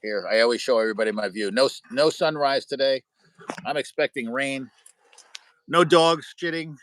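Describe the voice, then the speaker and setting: Speaking at normal speed in a fairly bright, mid-range voice with no room sound, an American livestream host chats casually with viewers from a spot by a window at home. His stories ramble and he swears freely.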